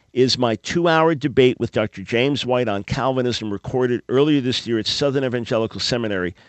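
A man's voice: mid-range voice, dry recording. A man hosting a radio talk show, preaching earnestly and pleading with listeners, with small stumbles and repeated words. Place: radio studio. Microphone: studio microphone.

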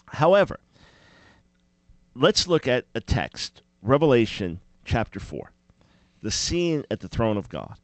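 A man's voice: mid-range voice, measured pace, long pauses, no echo. A man hosting a Christian talk show, asking questions and joking with playful exaggeration. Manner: animated, mock-chanting with playful exaggeration. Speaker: host.

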